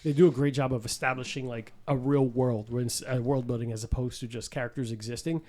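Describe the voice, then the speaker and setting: A man hosting a podcast, chatting casually and telling animated stories, swearing freely and acting out quotes. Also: mid-range voice, fast talker. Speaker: podcast host. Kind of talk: casual chat.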